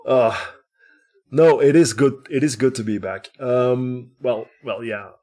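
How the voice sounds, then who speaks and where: A man hosting a casual podcast, energetic and rambling, with lots of restarts. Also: medium pitch, unhurried. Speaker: podcast host.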